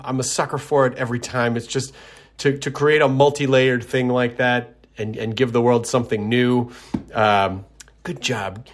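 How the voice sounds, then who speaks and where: A middle-aged man from Tennessee chats loosely as a podcast host. He rambles, restarts his sentences and pokes fun at himself, and his voice sits at an average pitch. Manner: rambling, self-deprecating, with frequent restarts. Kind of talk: casual chat.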